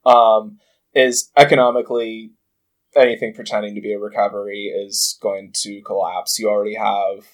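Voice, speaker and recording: A man chatting casually on a podcast, halting and profane, full of fillers and restarts. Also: fairly low pitch, little pitch movement.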